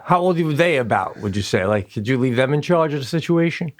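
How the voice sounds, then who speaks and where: A man's voice: medium pitch, animated, a little fast. A man co-hosting a podcast in casual chat, riffing through profane comic rants. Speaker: podcast co-host.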